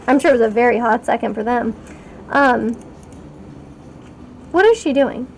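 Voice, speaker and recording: A woman streaming a game, rambling in a chatty, self-mocking way and getting excited over what happens on screen. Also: fairly high pitch, normal speed, gravelly, slight background noise. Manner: rambling and chatty, talking to chat while playing. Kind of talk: casual live-stream commentary.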